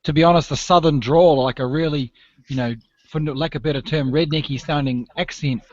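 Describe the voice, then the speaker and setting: A man from New Zealand speaks in a slightly high voice, pausing and restarting as he weighs his words. His voice comes over a dull, lo-fi video call. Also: steady tone, a little mellow, dry recording. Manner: thoughtful, hesitant, many fillers. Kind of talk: casual group video chat.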